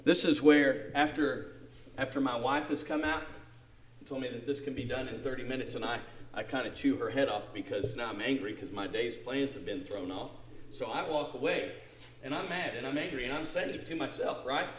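A man preaching a sermon, animated, acting out the story and putting questions to his listeners. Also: mid-range voice, fairly quick, reverberant. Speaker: pastor.

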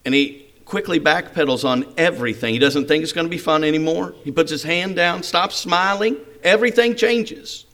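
A middle-aged man preaching a sermon, telling a story with lively rhetorical questions. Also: on the high side, moderate pace, few pauses.

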